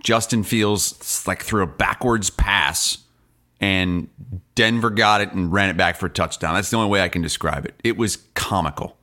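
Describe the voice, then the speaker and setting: A man co-hosting a sports podcast, talking casually and telling animated stories with laughs and voices of other people. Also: low-pitched, moderate pace.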